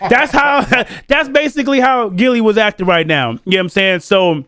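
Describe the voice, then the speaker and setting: A man co-hosting a podcast in casual chat, animated, laughing often and acting out the people he talks about. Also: high voice, moderate pace, crowd noise. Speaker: podcast co-host.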